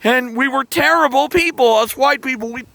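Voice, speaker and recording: High-voiced man ranting angrily. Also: moderate pace, pushed and bright. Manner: angry, profane ranting with sighs and restarts. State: emotional. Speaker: channel host. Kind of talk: heated monologue to camera.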